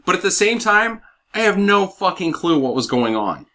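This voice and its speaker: A man's voice: high-pitched, big pitch swings, moderate pace, pushed and bright. A man hosting a casual bad-movie podcast, opinionated and blunt, swearing freely as he rants. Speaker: podcast host. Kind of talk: casual movie review chat.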